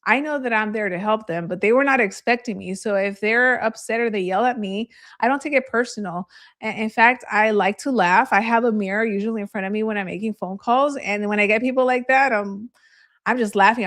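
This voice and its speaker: A woman's voice: mid-range voice, fairly quick, fairly bright tone. A woman real estate agent giving a live training, telling candid stories in a chatty way and laughing easily.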